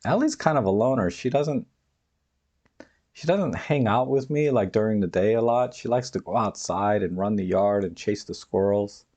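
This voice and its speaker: A man's voice: fairly low pitch, expressive, moderate pace, dark tone. A man hosting a live stream from home, chatting casually and rambling through viewer comments with frequent laughs. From United States. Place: home, dog nearby.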